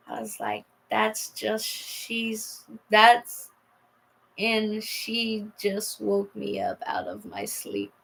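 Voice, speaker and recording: A young woman talks slowly and haltingly, her voice slipping into a gravelly fry as she trails off. She rambles through a personal story in a casual vlog, stopping and restarting often. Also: mid-range voice, big pitch swings, fairly bright tone, poor audio. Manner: rambling, halting, reads out texts. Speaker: vlogger.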